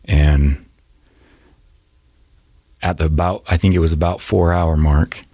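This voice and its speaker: Very deep-voiced halting man. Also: steady tone, warm tone, no echo, studio quality. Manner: halting, repeats and restarts words. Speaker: podcast guest. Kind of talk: emotional personal storytelling.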